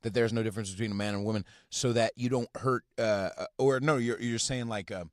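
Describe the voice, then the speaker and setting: A man hosting a podcast from inside his car, ranting casually and profanely in a halting, rambling way full of fillers. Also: fairly low pitch, fairly even intonation, no echo, clean studio sound. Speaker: podcast host. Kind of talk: casual rant.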